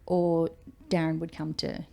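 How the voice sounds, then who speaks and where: A woman's voice: low-pitched, level tone, a little slow, creaky, darkish tone. A woman in her forties with an Australian accent, a firefighter telling her story in a casual interview, chatty and acting out quoted speech. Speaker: guest, firefighter.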